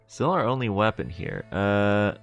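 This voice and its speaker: A man's voice: on the low side, big pitch swings, measured pace, soft background music. A man streaming a game, reading its text aloud and joking between lines, often laughing. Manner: joking, laughs often, reads dialogue with relish.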